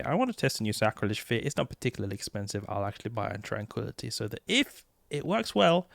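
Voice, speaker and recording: A slightly ill man walks through his game setup in a loose, thinking-aloud way, his voice cracking now and then. His voice sits low with a gravelly edge, and the sound is dry and close. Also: dry recording. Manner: relaxed, thinking aloud with fillers and restarts. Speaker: gaming channel host. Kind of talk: casual gameplay commentary.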